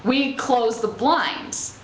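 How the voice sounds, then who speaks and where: A woman's voice: fairly high pitch, drawn-out words. A woman giving an inspirational spiritual talk to a live group, conversational and checking in with her listeners as she goes. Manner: conversational, checks in with "okay?" and "right?"; laughs easily while telling stories. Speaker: spiritual speaker. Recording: echoey room with faint ambient noise.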